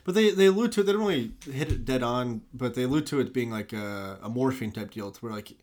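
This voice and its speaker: A man's voice: medium pitch, fast, a little mellow. A man in casual film chat, rambling and enthusiastic, full of "like" and restarts.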